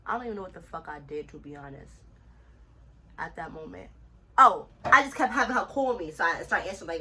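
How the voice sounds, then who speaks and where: A young woman from New City, telling a story in a casual, animated and profane way. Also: medium pitch, fast talker, recorded from a distance, background noise. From New York City. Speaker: storytime vlogger.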